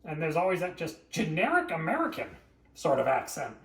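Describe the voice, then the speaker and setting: A man's voice: a little high, huge pitch swings, fairly quick, gravelly, fairly bright tone, distant mic. A man hosting a live cooking stream, chatting and joking with viewers and laughing often. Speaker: livestream cooking host. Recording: echoey room, voice off-mic.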